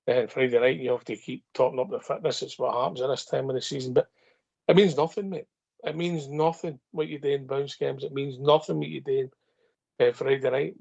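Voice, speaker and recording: A Scottish co-host with a gravelly, mid-pitched voice. He hammers his points home firmly and repeats them, over dull, lo-fi audio. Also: steady tone, a little fast, darkish tone. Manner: firm, emphatic, repeats points. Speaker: co-host of a fan phone-in. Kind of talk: casual football chat.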